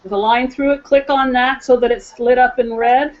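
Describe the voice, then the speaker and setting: A woman talks someone through a setup in a quick, practical way. Her voice sits somewhat high. The web call audio is slightly dull. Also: steady tone. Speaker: webinar host. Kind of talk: casual instructions.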